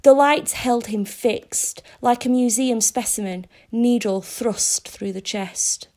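A woman narrating a story aloud in a measured, descriptive reading. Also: fairly high pitch, darkish tone.

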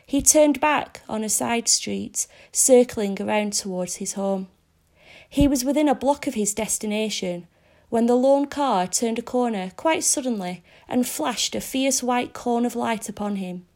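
A woman narrating a story aloud in a measured, descriptive reading. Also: fairly high pitch, a little mellow.

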